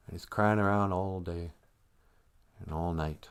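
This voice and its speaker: A man's voice: low-pitched, steady tone, a little slow, pauses often, clean tone. A man hosting a live stream, telling a wandering comedic monologue and laughing at his own jokes.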